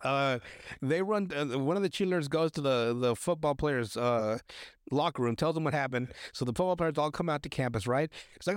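A young man hosts a podcast, giving a crude, casual recap of a TV episode full of swearing, fillers, and rambling restarts. He talks a little fast, in a clean tone on the high side. The clean studio sound has no echo.

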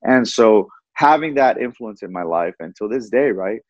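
Fast-talking man telling his story, lo-fi. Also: fairly low pitch, dry recording. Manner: animated, fast, repeats words. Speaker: guest. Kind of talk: casual storytelling. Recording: dull lo-fi audio.

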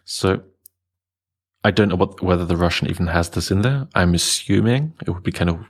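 A man's voice: low voice, a little fast. A man discussing a novel in a casual chat, hesitant and full of restarts. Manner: hesitant, many restarts and fillers. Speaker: book club participant.

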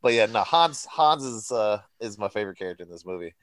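A man's voice: on the low side, expressive, fast talker, no room sound. A man chatting casually about his favorite movie characters, laid-back and swearing, laughing at his own jokes. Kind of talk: casual chat, movie review.

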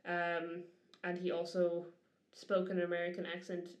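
A woman's voice: lowish voice, monotone, moderate pace, dull audio. A woman from Dublin with an Irish accent, co-hosting a podcast in chatty, giggly conversation. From Ireland, Dublin. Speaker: podcast co-host. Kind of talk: casual chat. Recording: roomy echoey room.

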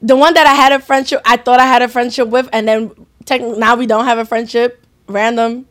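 A woman's voice: a little high, steady tone, a little fast, dry recording, clean studio sound. A young woman co-hosting a podcast, chatting casually in a blunt, joking way with heavy slang. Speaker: podcast co-host. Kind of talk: casual chat.

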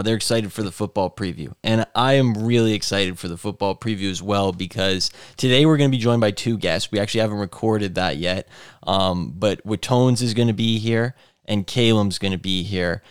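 Podcast host, man, smooth and crisp, dry close mic, keeps things moving. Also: lowish voice, no echo. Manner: upbeat, steers the conversation. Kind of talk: casual chat.

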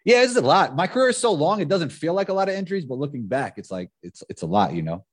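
A man's voice: a little high, big pitch swings, fast. A man hosting his own podcast, reading an upbeat promotional intro and then chatting easily with a guest. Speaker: podcast host.

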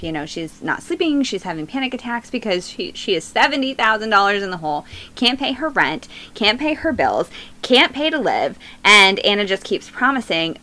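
Lively, bright-voiced woman podcast co-host. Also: mid-range voice. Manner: rambling, laughs often, loses track of names. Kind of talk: casual chat, retelling a true crime story.

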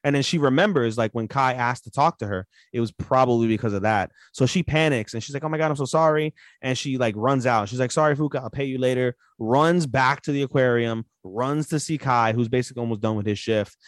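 A man's voice: medium pitch, brisk, few pauses, no room sound, studio quality. A man co-hosting a podcast, recapping anime episodes in a loose, rambling way full of "like" fillers and casual swearing. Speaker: podcast co-host.

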